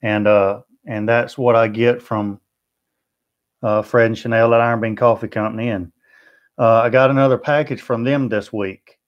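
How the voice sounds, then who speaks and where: A man's voice: medium pitch, fairly even intonation, normal speed, muffled recording. A man with a Southern US accent hosting a barbecue livestream, chatting in a friendly way and answering viewer comments one by one. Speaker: BBQ channel host. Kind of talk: livestream chat.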